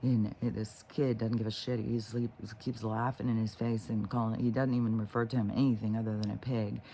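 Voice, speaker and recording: Gravelly man rambling casually. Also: lowish voice, little pitch movement, fairly quick, warm tone, a little hiss or hum. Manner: rambling, profane, full of fillers and restarts. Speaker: spiritual vlogger.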